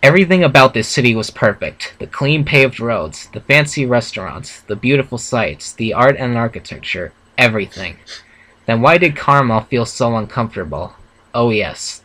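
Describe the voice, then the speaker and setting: A young man with a fairly low, slightly bright voice reads a fan story aloud alongside a co-host, casually stumbling and correcting himself. The audio is poor, and it plays as a relaxed read-aloud reaction.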